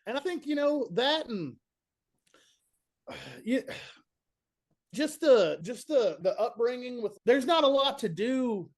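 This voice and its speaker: A young man from Kentucky with a Southern accent, a band's bassist telling stories in a laid-back, chatty way. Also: very animated, unhurried, pauses often. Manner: laid-back, chatty storyteller, says "man" and "dude" a lot. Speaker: band bassist, guest. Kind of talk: casual interview chat.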